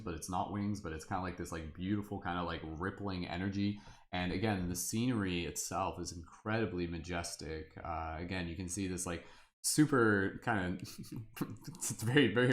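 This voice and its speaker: A man hosting a live tarot-reading stream, talking casually and rambling with many fillers in an upbeat way. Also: deep voice.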